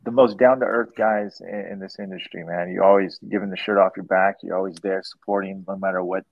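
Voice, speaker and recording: A man's voice: deep voice, steady tone, a little fast, gravelly, dry recording. A man hosting a casual podcast chat who rambles, repeats words and laughs easily. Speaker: host and dent repair trainer. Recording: dull, dry lo-fi sound.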